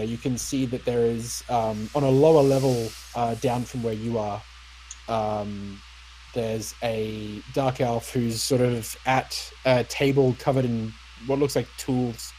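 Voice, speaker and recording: A young man narrating as dungeon master, relaxed and hesitant, with frequent ums and uhs. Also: mid-range voice, slight background noise, low-quality recording. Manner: unhurried, lots of ums and uhs. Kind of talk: narrating a tabletop game.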